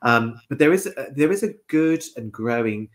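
A man talks as a podcast guest in a polite, gentle way. He pauses and restarts often. His pitch sits in the middle range for a man. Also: lively intonation. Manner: polite, gentle, many small hesitations. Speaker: guest, dog owner. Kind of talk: casual interview chat.

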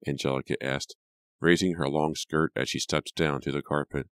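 Male audiobook narrator, extremely deep voice, dry close sound, measured reading. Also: little pitch movement, no echo. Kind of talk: scripted narration.

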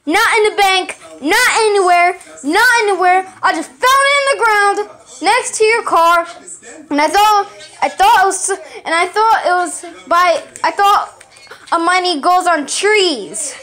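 A woman acting out a homemade cartoon, bickering playfully between characters with halting, repeated phrasing. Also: very high voice, pushed and bright.

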